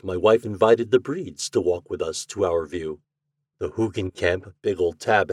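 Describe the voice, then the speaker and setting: A man narrating a classic short story as podcast host, measured and even in his storytelling. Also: lowish voice, no room sound, clean studio sound.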